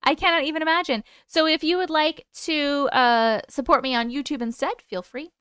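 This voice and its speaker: A woman's voice: sits high, fairly even intonation, moderate pace, fairly bright tone, no room sound, studio quality. A woman with a New York accent hosting a casual livestream, chatting away, greeting viewers by name and swearing now and then. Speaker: livestream host and storyteller.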